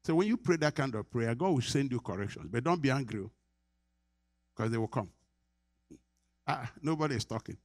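A man's voice: medium pitch, expressive, moderate pace, pauses often, no echo, clean studio sound. A middle-aged Nigerian man preaching a sermon as pastor, earnest, repeating his phrases and laughing often.

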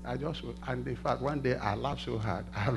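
A middle-aged man preaching a sermon in a church, asking the congregation to finish his sentences and swinging between hushed and loud passages. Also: medium pitch, normal speed, gravelly, noisy background. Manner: call-and-response questions to the congregation. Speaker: pastor.

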